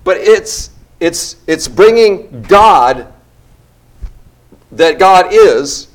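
A man's voice: high-pitched, lively intonation, extremely slow. An older man leading a church group session, talking in a casual, rambling way with restarts and self-deprecating asides.

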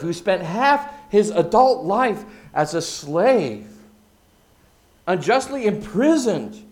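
Guy preaching a sermon, lively up-and-down voice, repeats lines for punch. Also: high voice. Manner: expressive preaching, swinging between loud emphasis and hushed asides; repeats phrases for emphasis. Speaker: pastor.

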